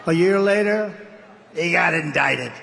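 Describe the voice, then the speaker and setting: A man's voice: high-pitched, a little slow, gravelly, sharp tone, in a large hall, slight background noise. A man giving a campaign rally speech, rambling and repetitive with boastful asides. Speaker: political candidate addressing a rally.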